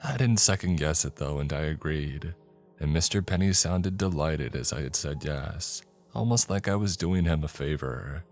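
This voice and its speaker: A man reading a first-person horror story in a measured, scripted narration. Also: a bass voice, darkish tone. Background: faint background music.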